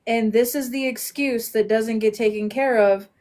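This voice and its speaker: A woman's voice: a little high, fairly even intonation, moderate pace. Female host, earnest and reflective, conversational delivery. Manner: earnest, reflective, trailing off softly. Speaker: podcast host. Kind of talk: casual chat.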